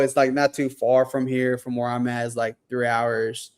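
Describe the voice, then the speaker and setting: A man's voice: medium pitch, little pitch movement, moderate pace, a little mellow. A young man in casual chat about his real estate deals, slangy, laughing often and swearing freely.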